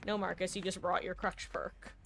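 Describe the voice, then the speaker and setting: A woman's voice: lowish voice, flat delivery, moderate pace, vocal fry, fairly bright tone. Woman in her 30s, game streamer, rambly casual chat, faint hiss under the voice. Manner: chatty and rambling, many ums and likes. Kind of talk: casual live-stream chat while gaming.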